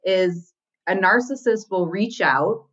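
A woman's voice: medium pitch, slow, fairly bright tone, breathy edge, muffled recording. A woman therapist guest explaining relationship patterns and acting out the quoted lines. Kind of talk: casual podcast conversation.

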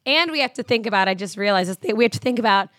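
A woman co-hosting a podcast in casual chat, with quick asides and mock quotes. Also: mid-range voice, animated, a bit bright, no echo, clean studio sound. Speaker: podcast co-host.

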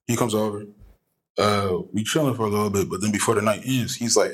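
Husky, laid-back male caller. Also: lowish voice, steady tone, fairly quick, poor audio. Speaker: caller leaving a question. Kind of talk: casual storytelling.

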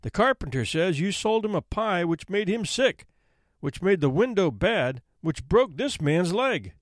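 A man voicing a quick-tempered judge who barks and roars orders from the bench in a folk tale. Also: sits high, sing-song, no room sound, clean studio sound. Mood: stern. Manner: barking, roaring commands. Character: blustering, quick-tempered old male judge.

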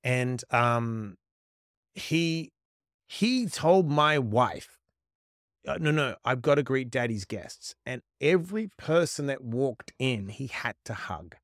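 A middle-aged man, a podcast guest, telling stories in an animated, profane way and acting out quoted lines. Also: medium pitch, slow pace, no room sound, studio quality. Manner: profane, emphatic, acts out quotes. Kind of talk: animated storytelling.

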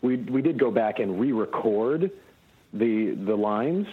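Husky-voiced man, lively guest on a dull line. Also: lowish voice, takes it slowly. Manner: relaxed storytelling, animated. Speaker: voice actor guest. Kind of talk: casual interview answers.

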